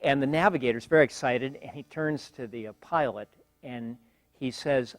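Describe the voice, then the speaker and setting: A man's voice: medium pitch, no echo. Older man giving a dry-miked lecture. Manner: measured, wry, frequent pauses and fillers. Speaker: guest lecturer. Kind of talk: university lecture. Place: lecture hall.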